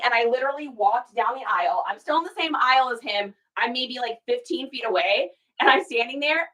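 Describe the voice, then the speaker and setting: A woman's voice: high-pitched, bright, forceful tone. A woman hosting a casual live stream while shipping orders, chatting folksily, telling stories and reading viewer comments aloud. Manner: folksy, says y'all.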